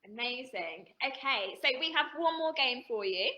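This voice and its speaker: A woman's voice: on the high side, lively intonation, normal speed, pushed and bright, lo-fi sound. A woman leading a children's team games workshop, chatty and giggly, explaining games in an upbeat way. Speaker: workshop leader. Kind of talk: playful workshop demonstration. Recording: echoey room.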